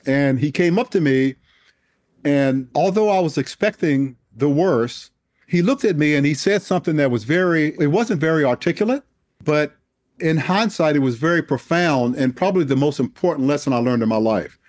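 A man's voice: on the high side, animated, moderate pace, a little mellow, no echo, clean studio sound. Emphatic older man telling a story. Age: 60s. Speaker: guest, retired Air Force general. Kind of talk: storytelling in an interview.

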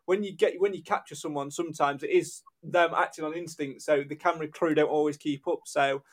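Higher-voiced male podcast host. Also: a little fast. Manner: mostly brief agreeing responses, then a relaxed follow-up. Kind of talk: casual interview.

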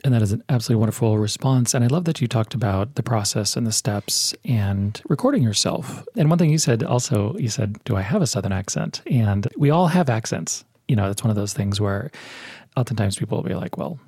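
A man's voice: lowish voice, lively intonation, a little fast, a little mellow, breathy edge, no echo, studio quality. A man interviewing a guest in an affirming, reflective way, building on her points before asking questions.

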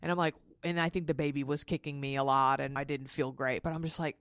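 Brief: woman, low voice, dry close mic, candid profane storyteller. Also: steady tone, fairly bright tone, no room sound. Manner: frank and profane, quick asides. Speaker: podcast host.

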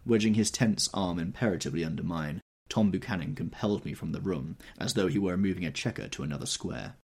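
A man narrating an audiobook in an expressive, measured storytelling manner. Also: deep voice, vocal fry, breathy edge.

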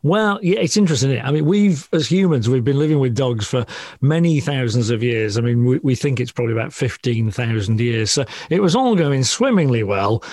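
A man's voice: medium pitch, animated, a little fast, a little mellow, no room sound. A man, a dog trainer chatting in an interview, explaining things casually and laughing often.

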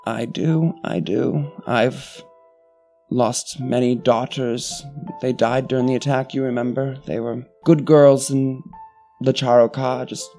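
A very old woman in a tabletop game, gentle and worn down by grief, as a man puts her on. She speaks softly and slowly, with a mellow, darkish tone. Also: medium pitch, steady tone, gravelly, faint music behind. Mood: grieving. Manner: soft, slow and sorrowful.

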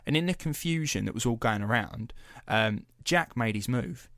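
A man's voice: mid-range voice, animated, moderate pace, a bit bright, no room sound, studio quality. A young man hosting a podcast, telling a story in a loose, chatty way, swearing freely and padding with fillers. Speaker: podcast host. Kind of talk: casual storytelling chat.

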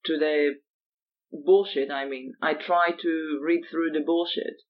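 A woman's voice: low-pitched, fairly even intonation, unhurried, narrow, tinny audio. A woman with a non-native English accent co-hosting a podcast, blunt and teasing, swearing freely. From immigrant to Britain. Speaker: podcast co-host. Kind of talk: casual chat.

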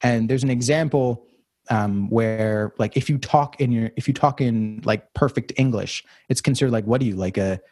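A man's voice: medium pitch, steady tone, normal speed, darkish tone. A young man talking through his thoughts in a casual conversation, rambling and reflective with many fillers and restarts.

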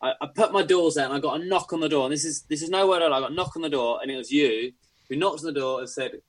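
A man's voice: a little high, very fast, poor audio. Man rambling through a cricket-tour story. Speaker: former cricketer, podcast guest. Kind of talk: casual anecdote.

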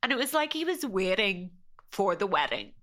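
A young woman, speaking as a podcast guest. She tells a personal story in a chatty, conversational way, acting out what she and her family said. Her tone is bright and clear, at a middle pitch. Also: big pitch swings, normal speed. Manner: chatty, quoting herself and family with "I was like".

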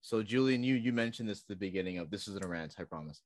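A man's voice: fairly low pitch, animated, fast talker. A man co-hosting a casual sports podcast, joking and emphatic, repeating words for effect. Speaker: podcast co-host.

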